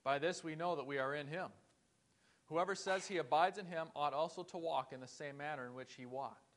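A man preaches a sermon in a church, his voice sitting a little high for a man. He talks in an earnest, conversational way and turns to his listeners with rhetorical questions. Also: fairly quick, fairly bright tone. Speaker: pastor.

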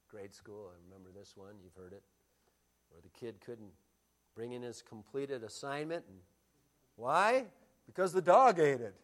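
A middle-aged pastor with a medium-pitched voice preaches a sermon, telling stories and switching between loud emphasis and quiet asides.

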